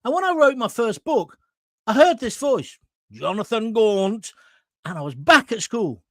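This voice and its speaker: A man's voice: extremely high pitch, huge pitch swings, normal speed, pushed and bright, dry recording. A man, hosting an online talk show and chatting casually through viewer comments in a blunt, jokey way with crude asides. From England.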